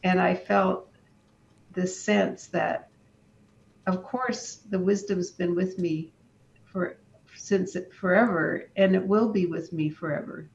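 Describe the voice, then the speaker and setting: A woman speaks slowly and reflectively as an interview guest, her voice touched with creak and gravel. The recording sounds dull and lo-fi, with a faint low rumble underneath. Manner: calm and unhurried, with frequent restarts. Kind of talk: reflective personal storytelling.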